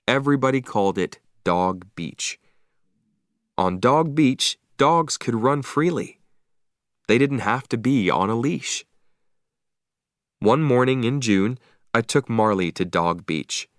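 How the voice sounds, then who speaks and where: A man narrating an audiobook for language learners in a slow, clear, deliberate reading. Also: medium pitch, expressive, no room sound, studio quality.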